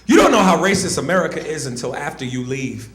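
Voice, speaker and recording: A man performing a live stand-up comedy routine, loud and animated, shouting his punchlines and slipping into silly voices. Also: on the high side, fast talker. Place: comedy club stage. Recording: roomy live venue with audience noise. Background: audience laughter.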